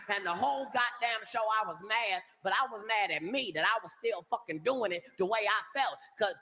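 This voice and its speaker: A man works a live stand-up set, and his voice rings out high and bright. He tells his story in a profane, animated way. A long reverb from the hall trails each line. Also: a little hiss or hum. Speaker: stand-up comedian. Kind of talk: stand-up comedy routine.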